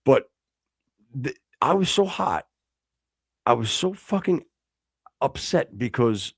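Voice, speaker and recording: A man with a gravelly, fry-tinged voice tells a story on a studio podcast. He swears freely and plays both sides of a tense confrontation. The sound is close and dry. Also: medium pitch, very animated, takes it slowly, long pauses, no room sound. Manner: profane, heated, acts out both sides of a confrontation. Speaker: podcast host. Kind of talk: casual storytelling chat.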